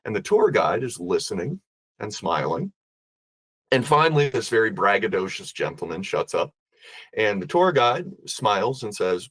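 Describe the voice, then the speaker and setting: A man telling a ghost story as a podcast guest, animated and acting out the voices of the people in it. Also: on the low side, normal speed, slightly rough, dry recording.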